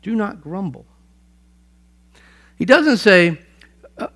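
Male pastor, sermon, fairly high-pitched, emphatic, loud then hushed, repeats himself. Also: lively intonation, moderate pace, long pauses.

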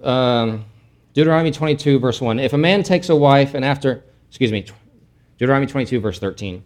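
A middle-aged man giving a Bible teaching in a loose, conversational way. He explains as he goes, doubles back on his words and adds offhand asides. His voice sits at an ordinary pitch for a man. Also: fast talker, a little mellow. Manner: casual and explanatory, with frequent restarts and asides.

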